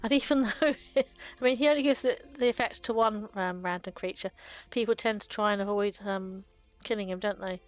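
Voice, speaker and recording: Over faint background music, a woman with a medium-pitched voice speaks briskly with few pauses. She's hosting a video on card game art, and her talk is fond and chatty, sprinkled with ums and little laughs.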